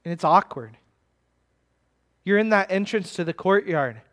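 A man's voice: sits high, expressive, unhurried, a bit bright. A man preaching a conversational sermon that walks through a text verse by verse and keeps asking his listeners questions. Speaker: pastor. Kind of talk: expository sermon.

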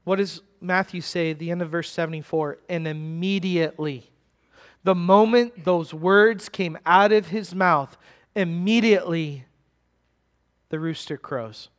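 High-voiced male preacher. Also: measured pace. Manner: conversational, asks the listeners questions. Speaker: pastor. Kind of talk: expository sermon.

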